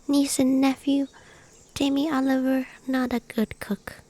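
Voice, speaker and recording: A fussy middle-aged uncle who loudly scolds bad cooking, put on by a woman. The voice stays high and the delivery is slow and exaggerated. Every complaint comes out as a theatrical mock telling-off. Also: level tone. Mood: mock scolding.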